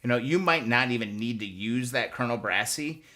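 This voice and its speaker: A man talks casually to his live-stream viewers, coaching them step by step as he works. His voice is bright and forward, set at an ordinary middle pitch, and his delivery is upbeat and chatty. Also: expressive, fairly quick. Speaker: host of a motorcycle restoration live stream.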